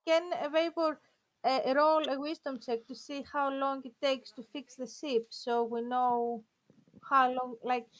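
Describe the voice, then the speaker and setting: A woman playing a tabletop game, asking and explaining hesitantly with many pauses and fillers. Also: high-pitched, level tone, no room sound, rough recording. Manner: hesitant, many ums and uhs, earnest. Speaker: player.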